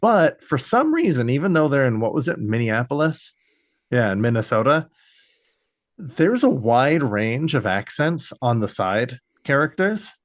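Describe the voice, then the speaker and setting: A man's voice: medium pitch, very animated, unhurried, dry recording. Man, podcast co-host, casual chat, rambling, dry close sound. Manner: rambling, full of fillers and restarts.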